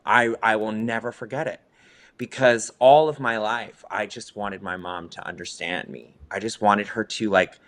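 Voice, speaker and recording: A young adult man talks about his life in an interview, his voice sitting a little low. He speaks in an earnest, reflective way, with feeling close to the surface. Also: fairly even intonation, moderate pace, a bit bright. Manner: earnest, reflective, openly emotional at times. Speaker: documentary subject, drag musician. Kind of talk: interview conversation.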